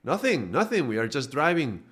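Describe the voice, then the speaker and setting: A man acts out a timid, shy soul with a high, hesitant voice. He asks his questions tentatively and gives in easily. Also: sing-song, moderate pace, a bit bright. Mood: alarmed. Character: timid, sleepy male soul, a passenger or ship captain.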